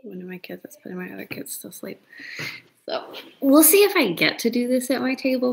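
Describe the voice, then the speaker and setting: A woman's voice: on the high side, very animated, a little fast, vocal fry. A middle-aged woman hosting a casual live broadcast from her dining room, chatty and emotional, laughing often. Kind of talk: casual live-stream chat.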